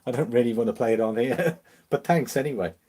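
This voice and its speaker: A man from Liverpool with a mixed English accent, mildly Liverpool, hosting a relaxed, casual live-stream chat and answering viewers. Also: mid-range voice, fairly quick, slightly rough. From Liverpool, England. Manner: chatty, relaxed, reads out viewer comments with easy laughs.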